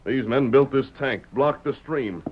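An actor playing a calm, commanding masked Western hero in a radio drama, giving firm, clipped orders. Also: male voice, medium pitch, a little slow, lightly acted. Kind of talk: 1930s radio drama acting. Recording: dull old radio recording with hiss.

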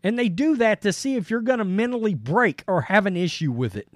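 High-voiced blunt male sports host. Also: expressive, fairly quick, no echo, studio quality. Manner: blunt and conversational, reads quotes then reacts. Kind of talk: opinionated sports commentary.

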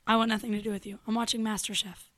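A young adult woman co-hosting a show, telling a story in casual chat, animated and profane, acting out what people said. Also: medium pitch, rapid-fire, no echo. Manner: animated, profane, acts out quotes. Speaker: radio show co-host.

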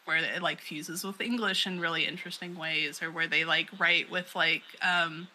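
Chatty bright-voiced woman co-host. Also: on the low side, fairly even intonation, moderate pace, slight background noise, low-quality recording. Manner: rambling, lots of "like" and "um", laughs often. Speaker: podcast co-host. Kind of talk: casual chat.

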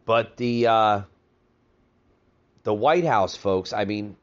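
A man's voice: lowish voice, slow, muffled recording. A man hosting a political podcast in a casual, conversational way, often calling his listeners folks. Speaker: podcast host.

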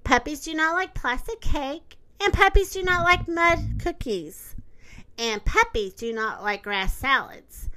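Lady doing a playful puppy, barky and eager, high bright storybook voice. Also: a little slow, full character voice. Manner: excited barks and inner thoughts.

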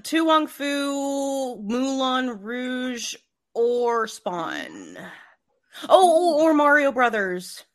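A woman co-hosting a podcast in casual chat, playful and quick to laugh and hum tunes. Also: sits high, big pitch swings. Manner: playful, bursts into laughter and humming. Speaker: podcast co-host.

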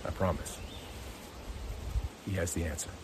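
A man's voice: low voice, fairly even intonation, a little slow, noisy background. An American man giving a casual devotional talk on his podcast, earnest and encouraging, reading scripture and explaining it in his own words. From United States. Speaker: podcast host, devotional speaker.

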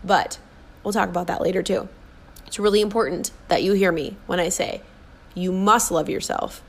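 A woman's voice: lowish voice, fairly even intonation, moderate pace. An earnest woman in her forties talks straight to the listener about self-worth. She coaxes and encourages, and slips into little acted voices to show how we speak to ourselves. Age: 40s. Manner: earnest, coaxing, acts out inner voices. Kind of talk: motivational monologue.

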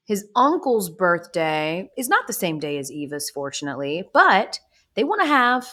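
A woman's voice: fairly low pitch, big pitch swings, normal speed, sharp tone. A woman in her thirties co-hosting a casual sports talk show, chatty, candid and exasperated. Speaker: co-host.

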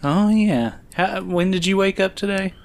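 A man co-hosts a loose movie podcast and walks through the plot in a light, fairly high voice. He laughs easily and fills his pauses with "uh" as he goes. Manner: laughs often, recaps plot with fillers. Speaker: podcast co-host. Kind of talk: casual film-review chat.

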